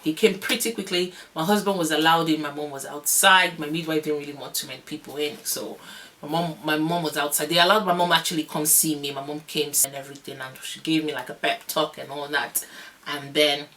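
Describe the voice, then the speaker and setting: A young woman vlogger telling a long story in a casual, animated, rambling way, often laughing. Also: low-pitched, fairly quick, slight background noise. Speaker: vlogger, new mother.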